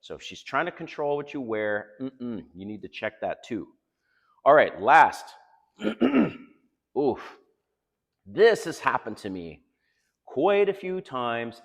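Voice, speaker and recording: Middle-aged man, low-pitched and animated, blunt and profane dating-advice vlogger; reverberant room sound. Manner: emphatic, blunt, profane, lecturing. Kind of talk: casual monologue to camera.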